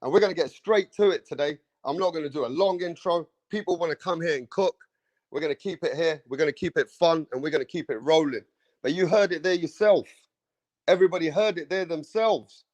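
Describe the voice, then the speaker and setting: Fired-up man ranting, high voice. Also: fairly quick, a little mellow. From England. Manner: fired-up, profane, repeats himself, keeps saying bro. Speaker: boxing channel host. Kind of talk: heated opinion rant to camera.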